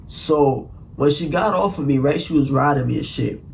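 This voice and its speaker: A young man telling a profane, animated story in a casual vlog, full of "like" and "bro.". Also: on the high side, moderate pace, gravelly, slight background noise. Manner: animated, profane, slang-heavy, constant "like" and "bro".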